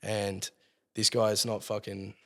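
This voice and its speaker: A man's voice: fairly low pitch, flat delivery, slow pace, a bit bright. An Australian man telling a long story as a podcast guest, swearing constantly and rambling as he goes. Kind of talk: casual storytelling. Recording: long hall reverb.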